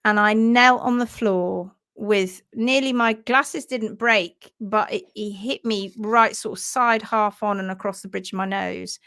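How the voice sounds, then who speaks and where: A woman, a hoof trimming instructor, telling an animated story on a live stream and acting out sounds and voices. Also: mid-range voice, unhurried, few pauses, clear, resonant tone.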